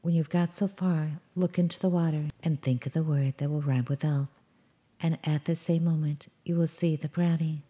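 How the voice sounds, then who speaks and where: Hoarse old owl, as a woman puts her on. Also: low voice, fairly even intonation, moderate pace, mellow, muffled recording, lightly acted. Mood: knowing.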